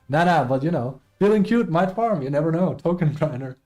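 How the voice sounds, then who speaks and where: A man's voice: a little high, animated, normal speed, a little mellow, faint music behind. Rambling streamer man chatting with viewers. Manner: rambling, self-deprecating, reads chat aloud. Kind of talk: casual chat with stream viewers.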